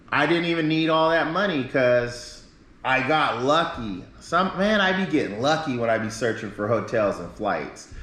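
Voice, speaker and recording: A man's voice: medium pitch, fairly bright tone. A man streaming live, telling a long rambling story in casual talk full of swearing. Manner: rambling, profane, acts out quoted people. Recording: roomy echo.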